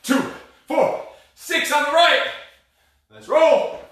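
A man's voice: very high-pitched, slow, fairly bright tone. A man coaching a live cardio boxing class, out of breath and barking short, blunt commands and counts. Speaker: fitness instructor. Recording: echoey room, voice far from mic.

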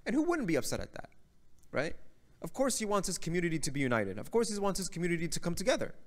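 His high voice is very animated and fast as he gives a religious lecture in a mosque hall. He tells a story like a conversation, regularly turning to the audience with "right?".

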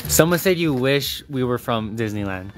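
A man's voice: medium pitch, lively intonation, normal speed, over loud music. A man co-hosting a live online sale in a laid-back way, reading viewers' comments aloud. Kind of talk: casual live-stream chat. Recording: noisy room with clicks.

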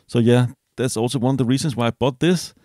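A man casually reviewing a small gadget as he unboxes it, relaxed and hesitant, with fillers and self-corrections. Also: medium pitch, fast talker, no echo, studio quality. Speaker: product reviewer.

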